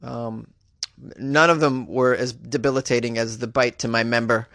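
Man doing a stammering, embarrassed boyfriend, low-key, dry mic. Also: steady tone, normal speed, a bit bright, no room sound, natural voice. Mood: sheepish.

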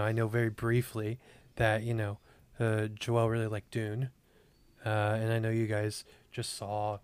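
A man's voice: medium pitch, darkish tone, clear, resonant tone, no room sound. Young man, podcast co-host, casual chat, hesitant with fillers, voice still recovering, dry close sound. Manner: hesitant, many fillers and restarts. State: voice still recovering after a breathing tube.

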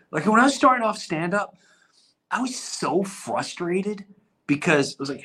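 Rambling, animated middle-aged man. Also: high-pitched, a little slow, long pauses, breathy edge. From New York. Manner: rambling, animated storytelling with restarts. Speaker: podcast host. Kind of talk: casual chat.

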